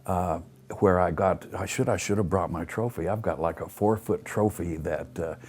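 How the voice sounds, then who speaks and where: Husky-voiced man telling road stories. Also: sits low, normal speed. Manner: animated storyteller acting out quotes, many fillers; profane, blunt. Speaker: interview guest. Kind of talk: casual storytelling.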